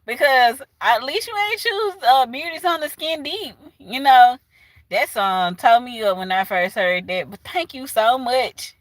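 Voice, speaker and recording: A woman with a Southern US accent chatting casually with her livestream viewers, animated and laughing often. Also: on the high side, measured pace, no echo. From southern United States. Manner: animated, laughs often, talks back to chat. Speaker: livestream host.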